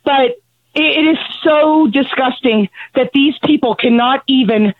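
A middle-aged woman, out of breath from pacing, speaks angrily and bluntly with halting restarts about losing her son. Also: high-pitched, no echo. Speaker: grieving mother of a fallen Marine, calling in. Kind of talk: emotional phone testimony. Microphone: telephone. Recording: tinny, dry phone line.

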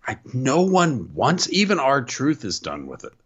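A man's voice: mid-range voice, wildly swooping pitch, unhurried, fairly bright tone, slightly rough. A man co-hosting a podcast, answering with short dry remarks in casual chat. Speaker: podcast co-host. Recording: dull lo-fi sound.

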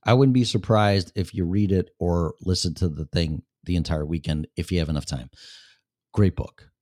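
A man with a very low voice talks straight to his listener as a show host, blunt and full of casual profanity. His voice sits close and dry, with no room sound behind it. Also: normal speed, darkish tone, no room sound.

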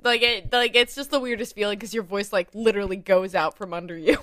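A woman's voice: mid-range voice, quick pace, no echo, studio quality. A young woman with a Southern American accent co-hosting a podcast, chatting expressively and giggling. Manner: expressive, giggly, acts out moments vocally. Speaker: podcast co-host. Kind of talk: casual chat. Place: home studio, close mic.

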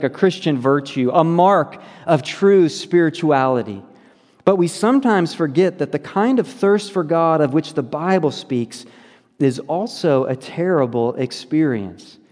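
A man's voice: a little high, a little mellow. Earnest man preaching in a church hall. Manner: conversational, earnest, many fillers. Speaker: pastor. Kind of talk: sermon. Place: church sanctuary.

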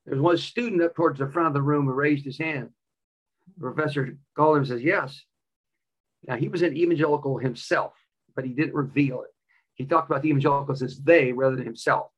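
A man's voice: medium pitch, fairly quick, lo-fi sound. A male preacher delivering a sermon with a personal story, emphatic and repeating key phrases.

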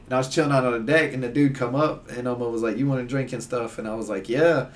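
A man telling rambling, animated stories in casual chat, full of fillers. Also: mid-range voice, fast, recorded from a distance. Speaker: guest. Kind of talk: casual storytelling.

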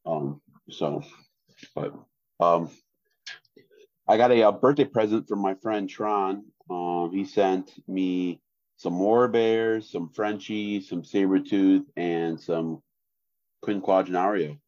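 A very low-pitched man chats casually on a podcast and keeps his tone flat and deadpan, with plenty of ums and uhs. The recording is dry and a little dull, as if from a modest close mic. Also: slow, no echo. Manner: flat deadpan delivery, many fillers. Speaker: podcast co-host. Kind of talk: casual chat.

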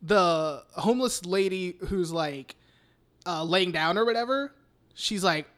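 Young male podcast host, high bright voice, loose rambling recap, lots of swearing. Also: lively intonation, unhurried. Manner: rambling, profane, heavy use of "like". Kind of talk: casual chat recapping a film.

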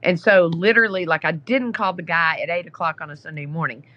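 A woman's voice: fairly low pitch, fast talker, sharp tone, lo-fi sound. A woman guest on a podcast, telling a story in a casual, chatty way with many fillers. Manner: chatty, lots of "you know" fillers. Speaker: podcast guest, app founder.

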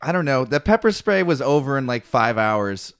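A man's voice: mid-range voice, sing-song, normal speed, smooth. A young man co-hosting a podcast, telling profane stories in casual banter and acting out the people in them. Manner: profane storytelling, acts out people with shouted voices. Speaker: podcast co-host.

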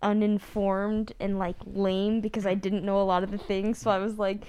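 A woman's voice: medium pitch, moderate pace, slight background noise. A woman not from the Midwest, chatting casually and animatedly as a cast member on a talk show. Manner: animated, rambling, many "like"s. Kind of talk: casual chat.

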